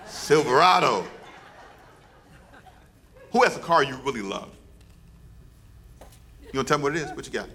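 A pastor with a medium-pitched, slightly bright voice preaches at a church service. He leads the congregation in call and response and teases them playfully.

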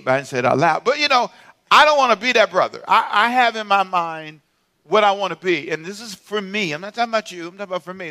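A man's voice: sits high, sharp tone. A middle-aged male pastor preaching a sermon in a humorous, playful way, drawing responses from the congregation.

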